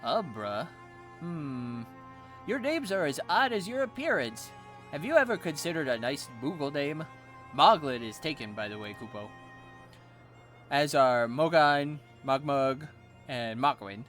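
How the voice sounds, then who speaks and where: A man's voice: fairly high pitch, sing-song, a little slow, a bit bright, faint music behind. A man voicing a pompous, theatrical male moogle leader.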